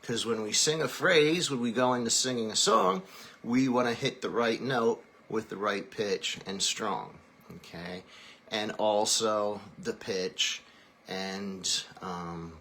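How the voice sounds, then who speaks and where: A man's voice: lowish voice, slow, sharp tone, slight background noise. A man teaching a singing lesson, explaining technique and then singing short vowel drills to demonstrate. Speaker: vocal coach.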